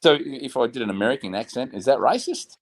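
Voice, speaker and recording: A man's voice: medium pitch, animated, quick pace. A man in his forties co-hosting a podcast, blunt and sweary in casual banter. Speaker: podcast co-host.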